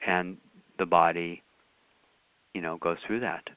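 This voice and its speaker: A man's voice: sits low, steady tone, slow pace, dry recording. Man teaching over a thin call line. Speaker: workshop teacher. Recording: phone-like call audio.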